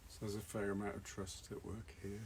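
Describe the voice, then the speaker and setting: A man's voice: on the low side, monotone, a little fast, slight background noise. A man speaking casually to people watching online, leading a gathering in a roundhouse; he laughs easily and often restarts his sentences. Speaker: gathering leader. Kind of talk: casual address to an online audience. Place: roundhouse with thirty or forty people.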